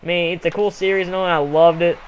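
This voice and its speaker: Young guy yelling and rambling over a sports game, kinda high voice, faint hiss behind. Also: fast. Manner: excitable and rambling, with sudden yells. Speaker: gameplay commentator. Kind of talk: casual let's play commentary.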